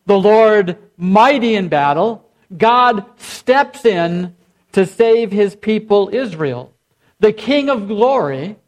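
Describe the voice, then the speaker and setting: A man preaching a sermon as pastor, leading his congregation in call and response. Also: high voice. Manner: leads the congregation in repeated chanted responses.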